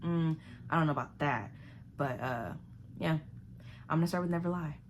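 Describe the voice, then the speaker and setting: A young woman talks through a thriller she just read in a chatty, animated home vlog. Now and then she drops into a hushed whisper. A faint hiss sits under her voice. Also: low-pitched, normal speed. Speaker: book vlogger. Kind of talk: casual chat reviewing a thriller. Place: home living room.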